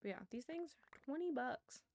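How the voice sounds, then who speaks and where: Chatty streamer woman with vocal fry. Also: high voice, animated, moderate pace, a little mellow. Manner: rambling, chatty storytelling with frequent laughs. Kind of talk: casual chat while gaming. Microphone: wired earbuds with a headset mic.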